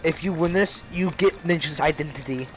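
A young man hosting a gaming video, yelling profane trash talk and laughing at his friend. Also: fairly high pitch, fairly quick, noisy background. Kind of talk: casual gaming commentary.

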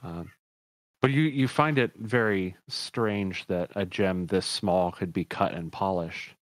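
Game master, male, low voice, dry close sound, rambling descriptions that correct themselves. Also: takes it slowly, no room sound. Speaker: dungeon master. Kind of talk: narrating a tabletop game.

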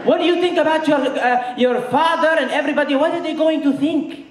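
A man doing a shrill scolding Egyptian mom. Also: fairly quick, a faint crowd. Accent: Egyptian-style broken English, put on. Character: overbearing dramatic Egyptian mother, middle-aged woman. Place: comedy stage with a live audience. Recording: echoey stage from far off.

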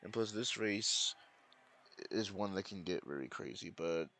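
A man giving live gameplay commentary, excitable, swearing and yelling at his opponents. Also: low voice, measured pace. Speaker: gaming channel host.

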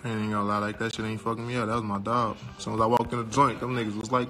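A man's voice: on the low side, level tone, racing, few pauses, sharp tone, faint music behind. A young man casually chatting on a livestream from his home, talking loose, profane and rambling. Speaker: livestream host. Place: indoors at home. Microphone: phone. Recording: noisy phone livestream audio.

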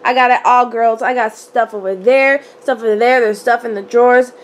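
A young woman chats to her viewers in a high, hoarse voice, her throat worn by a cold. She is sassy and playful, tossing out honey and y'all. The room around her is echoey, with a faint hum of ambience. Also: fairly even intonation, normal speed. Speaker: jewelry vlogger. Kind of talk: casual chat to camera. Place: small room at home. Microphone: phone camera.

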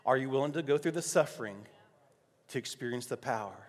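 A male pastor preaching a sermon, telling a personal story softly and then rising to loud, emphatic declarations. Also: medium pitch, animated, quick pace. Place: church sanctuary. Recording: long hall reverb.

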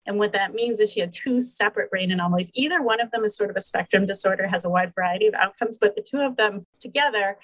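A woman's voice: medium pitch, fairly bright tone, poor audio. A woman in her forties from Boston, candidly telling her personal story as a podcast guest.

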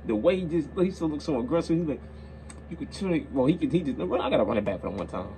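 A man's voice: fairly high pitch, expressive, quick pace, warm tone, a little hiss or hum, low-quality recording. A young man hosting a reaction video, talking in a casual, slangy way and repeating himself as he gets worked up.

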